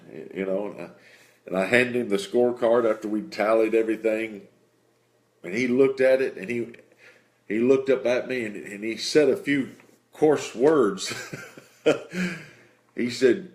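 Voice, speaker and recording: A man's voice: on the low side, moderate pace, darkish tone. A man, a Christian minister, earnestly telling a personal faith story in a casual, conversational way.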